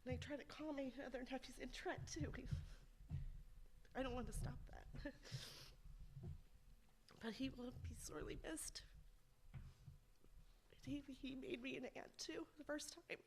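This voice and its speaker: A woman delivers a eulogy at a funeral home, telling stories about her nephew with raw emotion. Her voice sits a little high and keeps sinking into whispers. Clear background noise runs under the recording. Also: fairly even intonation, moderate pace. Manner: emotional, storytelling, dropping to whispers. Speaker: aunt giving a eulogy.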